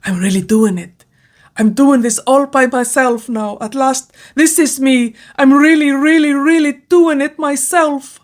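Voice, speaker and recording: A woman voicing an unhinged young woman, chanting in a high taunting singsong from a storybook reading. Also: a little slow, darkish tone. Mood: giddy.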